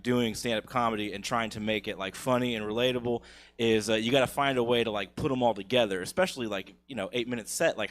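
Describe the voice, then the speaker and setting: A man's voice: mid-range voice, a bit bright. A man in his thirties doing a crude, profane stand-up comedy set on a theater stage, laughing at his own jokes.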